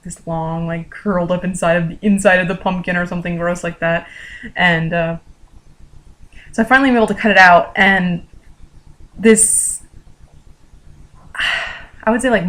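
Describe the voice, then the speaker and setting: A woman's voice: mid-range voice, rough recording. Chatty young American woman vlogging. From United States. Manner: animated, with lots of "like" fillers and gasps. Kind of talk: casual storytelling vlog.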